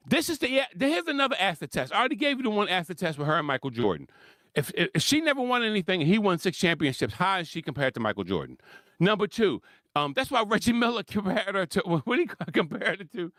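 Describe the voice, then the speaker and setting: A man with a high, lively voice delivers a heated solo sports rant, swinging widely in pitch as he laughs and hammers his points home. The sound is close and dry, with no room around it. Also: fairly quick, no echo. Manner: animated, laughs often, repeats points for emphasis. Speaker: sports commentary host.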